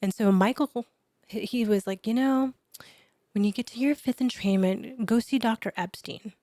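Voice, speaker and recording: A woman chiropractor, a guest on a podcast, telling a personal story in an animated way and dropping to a whisper for her remembered thoughts. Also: a little high, normal speed, dry recording, clean studio sound. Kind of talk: storytelling in an interview.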